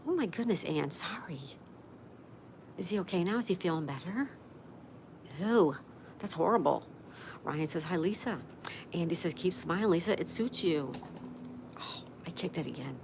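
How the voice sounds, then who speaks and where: A woman's voice: on the low side, moderate pace, long pauses. A woman hosting a casual live stream, chatting and reading viewer comments aloud while greeting each person by name. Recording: steady background noise.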